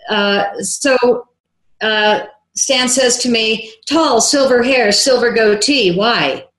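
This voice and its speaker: A woman filmmaker, a guest on an interview show, telling a story in a lively way and acting out the dialogue she quotes. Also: fairly high pitch, takes it slowly. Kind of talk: animated anecdotal storytelling. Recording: roomy echo.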